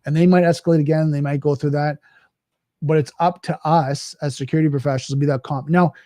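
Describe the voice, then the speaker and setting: A male podcast host delivers a casual, loose monologue, restarting often and circling back with "right?". His voice is a bit high for a man, mellow and relaxed, and he talks fast. The recording is dry and close, with no room sound.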